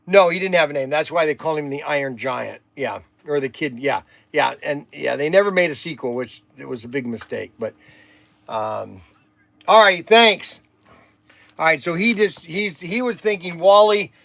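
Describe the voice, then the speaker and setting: A man's voice: a little high, normal speed, vocal fry, fairly bright tone, no echo. An older man hosting a livestream, rambling and exasperated, sighing while he chats. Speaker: livestream host.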